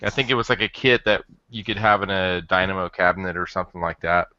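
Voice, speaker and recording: A man with a bright, lower-pitched voice talks in a rambling, halting way, stumbling over restarts. The sound is dull and lo-fi, with a dry, close feel and no room behind him. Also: dry recording. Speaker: podcast co-host. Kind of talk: casual chat.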